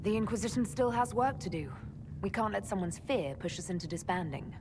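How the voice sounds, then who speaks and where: A woman's voice: medium pitch, animated, fairly quick, noisy background, close to an everyday voice. An actress voicing an earnest woman Inquisitor leader, speaking directly.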